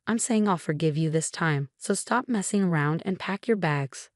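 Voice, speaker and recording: Contemptuous husband, read by a woman: low, dry, close-miked, ranting. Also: normal speed, no room sound, close to an everyday voice. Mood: scornful. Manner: ranting, scornful. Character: angry condescending young husband, male.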